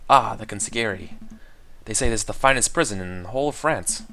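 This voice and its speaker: A man's voice: on the low side, brisk, sharp tone, soft background music. Guy doing a cheeky little bird sidekick, eager, game voice. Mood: wry.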